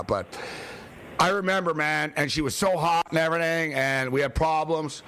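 A man's voice: fairly high pitch, moderate pace, fairly bright tone. Emotional rambling sports radio host man. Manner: emotional, rambling, repeats himself. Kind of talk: sports talk radio chat.

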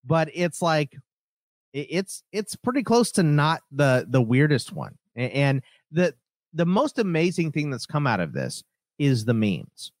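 A man co-hosting a sports talk show, his pitch leaping and dropping as he jokes and laughs through loose banter. His voice sits a bit high for a man. The sound is dry and close, with no room around it. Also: no room sound. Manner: joking, animated, laughs often. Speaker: sports radio host.

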